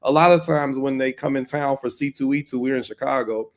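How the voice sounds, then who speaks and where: A man's voice: medium pitch, brisk. A man who owns a comic shop speaks earnestly in a casual panel chat, often repeating words as he builds his point.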